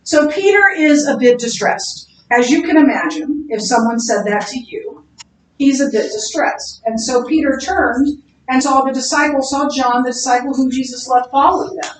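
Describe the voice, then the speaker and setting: A woman's voice: a little high, normal speed, recorded from a distance. A woman teaching a Bible class in a conversational way, with many fillers and restarts. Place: classroom or church room. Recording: roomy, from off-mic, faint background hum.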